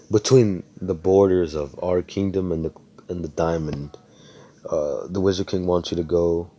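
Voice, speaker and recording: Deep-voiced young man telling a rambling story. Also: warm tone. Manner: rambling, profane, laid-back. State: tired, yawning. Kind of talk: casual improvised fan-fiction storytelling.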